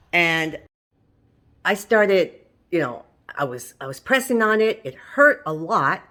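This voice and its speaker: A woman with a somewhat low voice talks her viewers through a recipe in her home kitchen. She is chatty and down to earth and quick to laugh at her own mishaps. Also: fairly bright tone. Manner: chatty, homey, laughs at herself. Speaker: home cooking channel host. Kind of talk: casual cooking demonstration.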